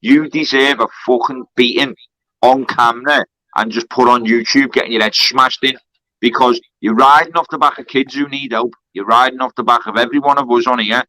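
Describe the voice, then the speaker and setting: A man's voice: medium pitch, fairly even intonation, brisk, sharp tone, dry recording, rough recording. A man, a fighter on a charity card, trash-talking heatedly on a live stream from a kebab shop. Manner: aggressive, swearing trash talk.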